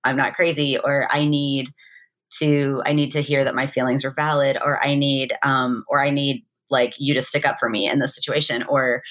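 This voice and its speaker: Low-voiced woman talking earnestly. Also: little pitch movement, moderate pace, fairly bright tone. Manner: earnest, reflective, quotes herself and friends. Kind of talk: casual conversation.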